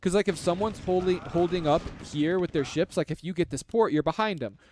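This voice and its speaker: A man's voice: sits high, a little fast, a little mellow, slight background noise. A man giving casual live commentary on a strategy game, chatty and analytical, with lots of filler words. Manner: chatty and analytical, heavy use of "like".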